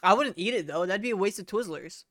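A woman's voice: medium pitch, expressive, fast talker, a bit bright, dry recording, clean studio sound. A woman co-hosting a podcast in casual chat, crude and self-mocking, laughing often. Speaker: podcast co-host.

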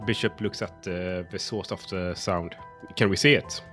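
A man playing a tabletop game, speaking in a halting way full of fillers. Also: low-pitched, steady tone, sharp tone, soft background music. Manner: hesitant, halting speech with fillers. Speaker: player. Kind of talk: casual tabletop game chat.

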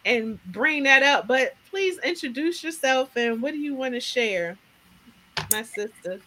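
Bright high-voiced preaching podcast host. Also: female voice, a little slow, slight background noise. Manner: lively, preachy, call-and-response. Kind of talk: casual faith talk.

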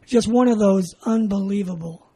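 Over poor audio with a crowd audible behind him, a high-voiced older man talks at a moderate pace. He is a veteran from California, USA, being interviewed, and he tells his oral history story animatedly, laughing frequently and performing the dialogue.

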